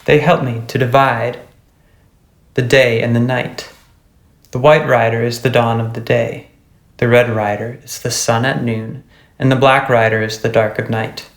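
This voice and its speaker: A gruff, threatening old witch , as a man puts her on for a storybook reading. Her voice is low, gravelly and growling, kept hushed as if to menace. It sounds like it was recorded in an echoey room. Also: steady tone, moderate pace, lightly acted. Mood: menacing.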